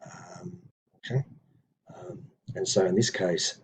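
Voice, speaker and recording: A man teaching an Old English lesson in an unhurried, explanatory way, with frequent fillers and self-corrections. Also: medium pitch, sing-song, gravelly, slight background noise, rough recording. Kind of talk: informal recorded lesson, reading and explaining text.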